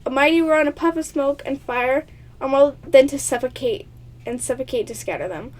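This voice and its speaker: Woman with a high voice, reads a text game aloud, trips over words, giggly asides. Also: a little fast, a little mellow. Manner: stumbles over words, often tongue-tied; giggly, playful asides to viewers. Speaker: player of a text adventure game. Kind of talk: reading a choice game aloud with reactions.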